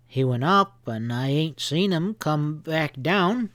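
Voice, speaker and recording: A jittery frontier hotel clerk answers slowly in a quavering voice, as a man reads him. The sound is dry and close. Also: a little high, expressive, fairly bright tone, no room sound, voice pushed up. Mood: nervous. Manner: quavering, hesitant. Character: nervous male hotel clerk.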